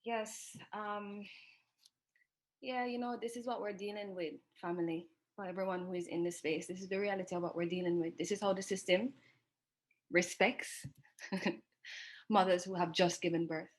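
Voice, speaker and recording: A woman's voice: medium pitch, steady tone, moderate pace, long pauses. A woman hosting a live online townhall, speaking earnestly with some fillers. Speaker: townhall host.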